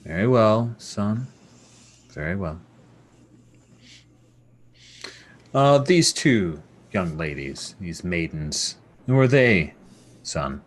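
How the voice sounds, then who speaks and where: A man voicing a regal queen of a fae court, speaking slowly and formally in a hushed tone. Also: sits low, lively intonation, exaggerated voice. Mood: gracious. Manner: slow, hushed, formal speech. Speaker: game master.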